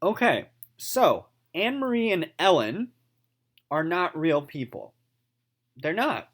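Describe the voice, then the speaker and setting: A man's voice: fairly high pitch, takes it slowly, breathy edge. A man teaching sixth-grade literature in a recorded remote lesson, explaining terms and reading a novel aloud, restating each point in simpler words and checking in often with "okay?". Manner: animated, keeps checking in with "okay?" and "right?".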